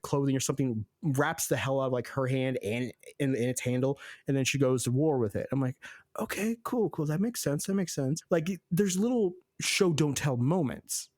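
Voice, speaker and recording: A man co-hosting a podcast, recapping a film in an animated, chatty way with sarcastic asides. His voice sits in an ordinary middle pitch. The recording is dry, with no room sound. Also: dry recording. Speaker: podcast co-host. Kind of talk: casual movie review chat.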